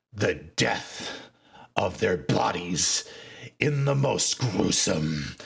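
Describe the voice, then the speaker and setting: A man's voice: on the low side, vocal fry, pushed and bright, husky, pitched below the performer's own voice, heavily acted. A man voicing Mubzak, a gargantuan irritated orc chief. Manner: slow, menacing, contemptuous delivery. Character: huge irritated male orc war chief. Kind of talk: tabletop game voice acting.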